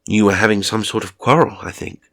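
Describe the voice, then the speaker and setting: A man, reading a horror story, voicing a polite, literal-minded male carer who speaks in a calm, precise and oddly formal way. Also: fairly low pitch, a little fast, creaky. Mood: composed. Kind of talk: audio drama reading.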